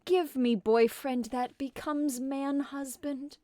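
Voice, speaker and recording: A woman's voice: high voice, fairly even intonation, slow pace, warm tone, dry recording, voice pushed up. A woman voicing a lonely, earnest young woman in a comic storybook reading. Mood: plaintive.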